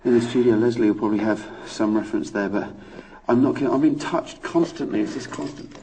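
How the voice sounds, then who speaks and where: A man's voice: mid-range voice, quick pace, mellow, far from the mic, slight background noise, rough recording. A man on a live ghost hunt who stammers, repeats words and swears. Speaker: paranormal investigator. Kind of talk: live paranormal investigation.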